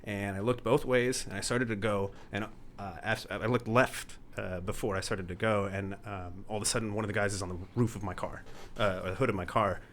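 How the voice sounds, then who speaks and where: A man's voice: lowish voice, fairly even intonation, a little fast, a bit bright, a little hiss or hum. A man, a podcast guest, casually telling stories with bursts of laughter. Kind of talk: casual storytelling.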